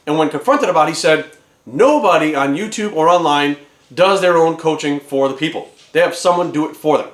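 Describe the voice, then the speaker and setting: A fitness trainer ranting angrily at the camera, swearing constantly and sounding exasperated. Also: male voice, fairly high pitch. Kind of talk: profane ranting vlog. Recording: echoey room.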